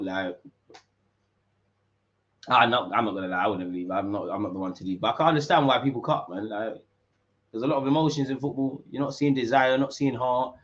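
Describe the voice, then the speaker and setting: A young man, commentating a football match live with street-slang banter and sudden shouts. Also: medium pitch, lo-fi sound. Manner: banter-heavy, mocking rival fans in street slang, bursts into shouts at big moments. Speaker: football watch-along streamer.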